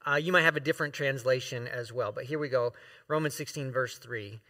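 Man, guest preacher, sermon, heartfelt, halting with restarts, bright tone. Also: mid-range voice. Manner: heartfelt, emotional, with many fillers and restarts; reads scripture aloud to the congregation. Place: church sanctuary.

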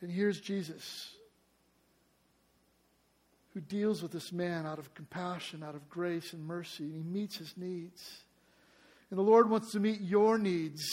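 Emphatic high-voiced male pastor preaching. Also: measured pace, pauses often. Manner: emphatic, rhetorical questions to congregation; acts out quoted cries loudly. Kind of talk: sermon.

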